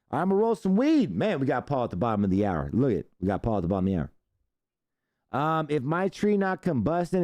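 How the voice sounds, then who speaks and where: Male host, casual live chat with viewers, lively swooping delivery, mellow dark tone, dry close mic. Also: mid-range voice, no echo. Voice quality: loose, profane, animated. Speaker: show host.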